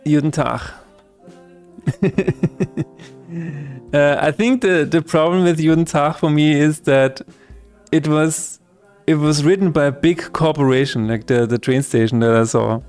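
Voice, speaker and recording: A man's voice: a little high, steady tone, unhurried, pauses often, darkish tone, clear, resonant tone, faint music behind. A man from Austria, speaking English, chatting casually on a game-development livestream and laughing often. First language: German. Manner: chatty, laughs often, reads chat aloud.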